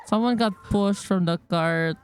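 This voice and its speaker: A woman's voice: medium pitch, a little slow. A woman streamer chatting casually as she looks back over game clips, giggly, loose and swearing freely. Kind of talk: casual chat while reviewing game clips.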